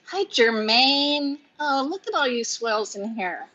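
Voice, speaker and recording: A woman in her fifties talks to viewers on a livestream from home. Her voice is bright and a little high, and her talk is scattered and confiding, with laughs through the sadness. The audio is lo-fi and muffled. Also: lively intonation, slow pace. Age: 50s. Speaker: vlogger hosting a livestream. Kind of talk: rambling emotional livestream chat.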